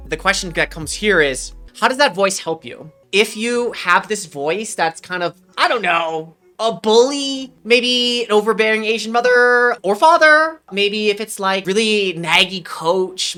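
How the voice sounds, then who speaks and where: A woman with a lowish voice and a bright, forceful edge talks through her ideas in a loose, slangy podcast chat. She coaches players and laughs often as she works through a point. Her delivery stays relaxed and conversational. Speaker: podcast host and mental performance coach. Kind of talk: casual podcast talk.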